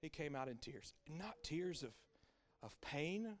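A middle-aged man delivers a sermon from the pulpit. His voice sits a little high for a man. He preaches with a repetitive, emphatic cadence, dropping to hushed, intimate lines before climbing to loud, exclaiming peaks. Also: animated, measured pace. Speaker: pastor.

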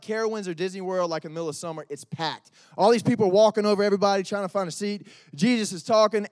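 Young man, high-voiced, animated and joking youth preacher. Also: dry recording, clean studio sound. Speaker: youth pastor. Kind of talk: youth sermon.

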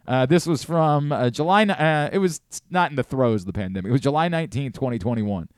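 A man's voice: mid-range voice, expressive, quick pace, smooth, no echo. A man hosting casual sports talk radio, rambling and self-deprecating, on a studio microphone.

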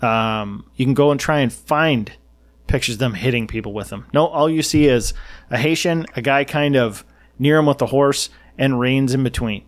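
A man's voice: medium pitch, moderate pace. A man hosting a casual political chat, rambling and sarcastic, who often acts out what others said.

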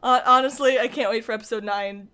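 A young woman co-hosting a podcast, chatting casually and breaking into quick, animated acted-out quotes. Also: on the high side, clean tone. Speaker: podcast co-host. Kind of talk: casual chat.

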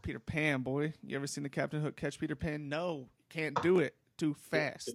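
A young man tells a rambling story in a relaxed, profane way. His voice has a gravelly edge, and the sound is dry and close. He keeps it casual and easygoing throughout. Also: on the high side, moderate pace, no room sound. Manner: laid-back, rambling, profane. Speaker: podcast host.

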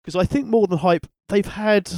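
A man's voice: sits high, moderate pace, darkish tone. A man co-hosting a wrestling podcast in casual chat, with dry wry humor and a hesitant, filler-laden delivery.

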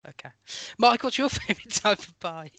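A man's voice: sits high, lively intonation, normal speed, bright, forceful tone, no echo. A man hosting a podcast in casual chat, playful and teasing, often rambling. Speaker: podcast host.

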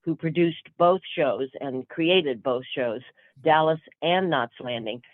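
Older female actress guest, lively and chatty, phone-like line, thin narrow sound. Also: low-pitched, slow pace, no room sound. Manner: lively, chatty, full of fillers and restarts. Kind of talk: storytelling interview answers.

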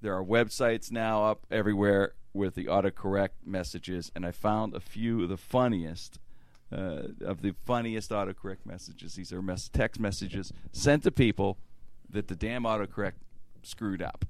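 A man's voice: fairly low pitch, moderate pace, no echo. A man hosting a casual podcast chat, reading funny text messages aloud and laughing at them. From Pittsburgh area. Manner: laughs while telling jokes, repeats words.

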